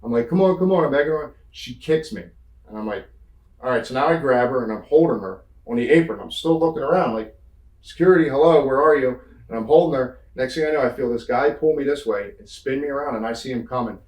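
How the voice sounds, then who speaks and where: As a guest in an interview, a man from the Northeastern US tells road stories quickly in a mid-range voice. He's a lively, casual storyteller who performs the quotes and curses freely. Captured off-mic from afar, the audio has a roomy quality.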